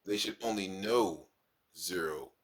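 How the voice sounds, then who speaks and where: A man's voice: low voice, unhurried. A man, a kindergarten teacher, telling stories from his class in a casual vlog and acting out his pupils. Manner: animated, acts out his pupils.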